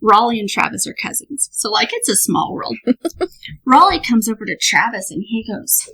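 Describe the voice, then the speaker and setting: Bright, husky-voiced woman telling a story. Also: fairly high pitch, normal speed, poor audio. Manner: lively, laughing, animated storyteller. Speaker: podcast guest. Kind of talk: casual storytelling.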